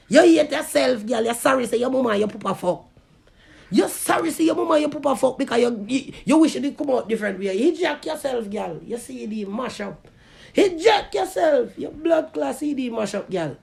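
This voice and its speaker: High gravelly Jamaican man, shouting rant. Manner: loud, profane, often shouting. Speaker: vlogger. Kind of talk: angry cussing rant to camera.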